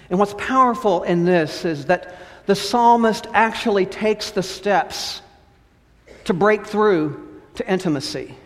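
Man preaching, high voice, big dramatic swings loud to hushed, long hall echo. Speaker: pastor. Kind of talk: sermon.

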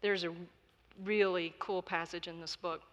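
A woman preacher giving a sermon in a measured, emphatic style. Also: lowish voice, steady tone. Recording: long reverb of a large hall.

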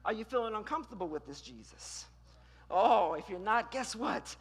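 A preacher delivering a sermon, dramatic and questioning, who swings between loud declarations and hushed lines. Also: mid-range voice, lively intonation, moderate pace, husky. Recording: long reverb in a large hall.

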